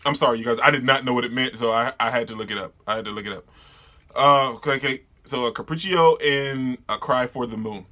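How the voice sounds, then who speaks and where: A man doing a casual readthrough of a manga, reacting excitedly, laughing and stumbling over names. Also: mid-range voice, quick pace. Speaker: manga reader and reviewer.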